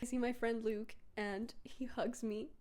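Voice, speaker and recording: A woman's voice: flat delivery, unhurried, a little mellow. A young woman telling a personal story in a casual vlog, chatty and full of "like". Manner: chatty, fills with "like" and "bro"; jumps into high voices when quoting.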